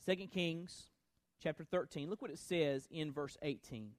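A man's voice: on the high side, normal speed, no room sound. A male pastor preaching a sermon to his congregation, building emphasis and speaking directly to the listeners.

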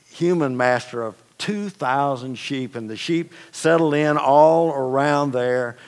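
A man preaching a sermon as pastor, telling stories in a conversational, folksy way with casual asides. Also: medium pitch. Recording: long reverb of a large hall.

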